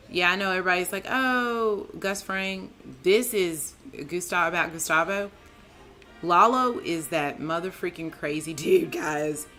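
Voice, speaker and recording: A woman with a low yet bright, forceful voice, talking slowly through a casual TV episode recap. She is excitable and chatty, addressing her co-host and viewers with lots of "like", "man" and "dude". Faint music plays behind her. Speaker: TV show reviewer, channel host.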